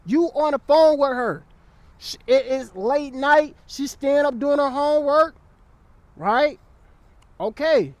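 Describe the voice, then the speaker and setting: A man's voice: extremely high pitch, takes it slowly, pauses often, dry recording. A young man giving blunt, profane dating advice in a casual vlog, often checking in with the listener.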